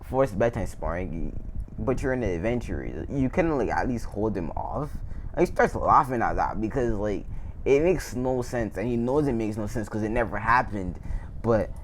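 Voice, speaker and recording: A man's voice: lowish voice, animated, moderate pace, a little hiss or hum. A man casually retelling a fan story, rambling, laughing often and correcting himself as he goes.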